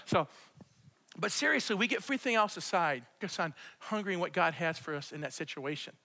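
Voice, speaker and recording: High-voiced animated man preaching. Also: brisk. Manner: animated, repetitive, talks straight to the congregation. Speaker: pastor. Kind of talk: conversational sermon with spoken prayer. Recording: long hall reverb.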